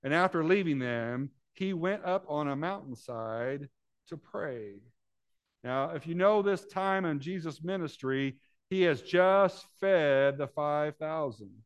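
A man's voice: lively intonation, takes it slowly, smooth. Male pastor telling a story in a sermon. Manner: storytelling, then earnest and drops softly low. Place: church sanctuary with congregation.

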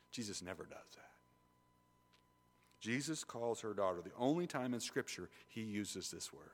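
A male pastor preaching a sermon in an animated, conversational way, swinging between loud emphasis and quiet intensity. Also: lowish voice, creaky, big-room sound. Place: church sanctuary.

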